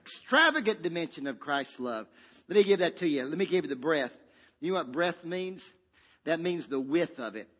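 A male pastor with a fairly quick, higher voice and a breathy edge preaches a dynamic sermon in a large hall with long reverb. He swings from sudden shouted peaks to hushed, quiet drops and leads call-and-response, having the congregation repeat after him.

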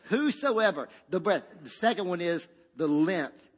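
A male pastor preaching a sermon, swinging between loud, shouted peaks and hushed, quiet passages, and calling on the congregation to repeat after him. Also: a little high, normal speed. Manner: dynamic preacher with sudden shouts and hushed drops, call-and-response. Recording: long reverb of a large hall.

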